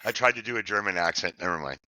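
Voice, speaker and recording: A man's voice: low voice, expressive, rapid-fire, sharp tone. A middle-aged man co-hosting a podcast, chatting casually and jokingly about recovery. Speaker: podcast co-host.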